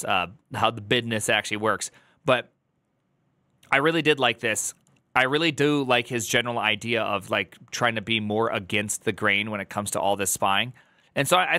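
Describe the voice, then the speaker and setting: Male streamer, casual reaction chat, bright tone, rambling delivery. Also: mid-range voice, dry recording. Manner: rambling, restarts, loud joking asides.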